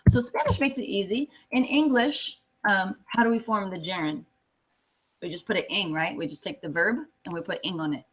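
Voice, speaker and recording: A woman's voice: mid-range voice, animated, normal speed, low-quality recording. A woman teaching a classroom lesson, explaining patiently step by step with many fillers. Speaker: Spanish teacher.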